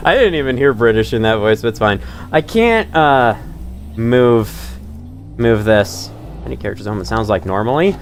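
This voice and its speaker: A man's voice: lowish voice, normal speed, a little hiss or hum. A man streaming a game live, chatting casually, laughing often and poking fun at himself. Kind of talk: live gameplay commentary.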